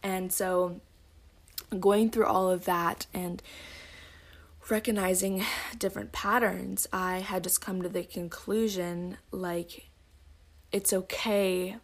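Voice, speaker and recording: A woman hosting a casual solo podcast, rambling with lots of "like" and "um" and sometimes slipping into soft, breathy asides. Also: mid-range voice, steady tone, a little slow. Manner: rambling, heavy use of "like" and "um". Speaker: podcast host.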